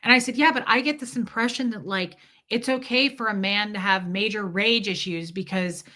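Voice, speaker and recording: A woman in her thirties speaks to her viewers in a bright, somewhat forceful voice. She rambles through a candid retelling of a conversation, circling back on herself as she goes. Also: mid-range voice, moderate pace. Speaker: vlogger. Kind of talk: casual storytelling to viewers.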